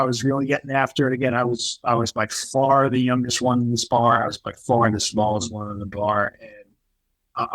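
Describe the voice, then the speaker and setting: A middle-aged man, a podcast guest telling his life story in a candid, animated way, acting out the people he quotes. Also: medium pitch, no room sound, poor audio. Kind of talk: casual storytelling.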